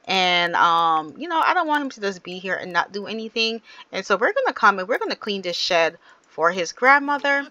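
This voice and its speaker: A woman's voice: mid-range voice, very animated, moderate pace, sharp tone, no echo. A woman giving casual, chatty gameplay commentary and talking straight to her viewers. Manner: chatty, addresses viewers directly. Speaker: gaming channel host.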